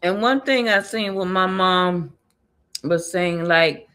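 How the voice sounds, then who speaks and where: A woman's voice: lowish voice, slow pace, fairly bright tone. A woman giving a casual spiritual reading, rambling and repetitive, often laughing and muttering to herself. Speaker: tarot and numerology reader.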